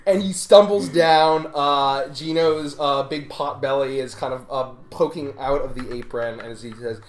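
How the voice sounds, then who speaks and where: A woman narrating a tabletop game as game master, halting with many fillers. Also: rumbling low. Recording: echoey room with music behind.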